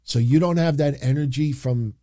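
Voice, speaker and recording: A man hosting a casual livestream, talking in an excitable, rambling way and jumping into quick impressions. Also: mid-range voice, no echo, studio quality. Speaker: wrestling show host.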